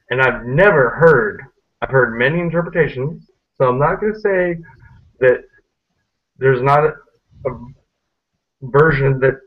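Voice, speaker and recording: A man hosting a casual online group chat, making his points emphatically and repeating them, often tagging "man" on the end. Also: medium pitch. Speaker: host of an online hangout. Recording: muffled lo-fi web call audio.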